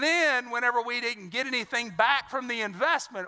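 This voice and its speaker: A man's voice: very high voice, animated, measured pace, sharp tone, clean tone, in a large hall. A male pastor preaching a sermon in an earnest, conversational way, often repeating words as he goes.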